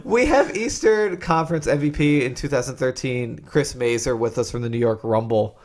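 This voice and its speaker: A man's voice: mid-range voice, moderate pace, darkish tone. A man co-hosting a sports talk show, speaking casually with many fillers and easy laughs. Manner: hesitant, filler-heavy, laughs easily.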